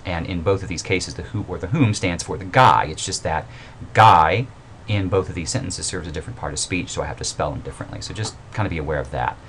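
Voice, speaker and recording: A man with a very low voice walks through a grammar lesson in a loose, conversational way. He pauses on fillers and corrects himself as he goes. A faint hiss sits under the recording. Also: a bit bright. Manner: informal and explanatory, with fillers and self-corrections. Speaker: writing instructor. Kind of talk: recorded mini-lecture.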